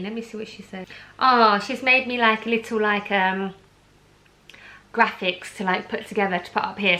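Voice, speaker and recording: Young pregnant uk woman vlogging, gushy excited chatter, lots of ums and likes. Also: mid-range voice, low-quality recording. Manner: gushing, enthusiastic, lots of fillers like "um" and "like". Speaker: vlogger hosting a charity giveaway. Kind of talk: casual chatty vlog.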